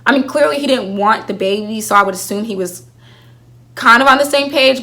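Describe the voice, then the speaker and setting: A young woman vlogging in a casual, animated way, slangy and full of rhetorical questions. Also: a little high, brisk. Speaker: vlogger reviewing a TV show. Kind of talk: casual chat to camera.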